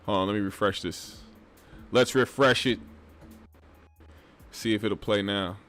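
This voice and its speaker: A man's voice: on the low side, steady tone, unhurried, a bit bright, soft background music. Rambling man hosting a commentary show. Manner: rambling, profane, conversational. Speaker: host.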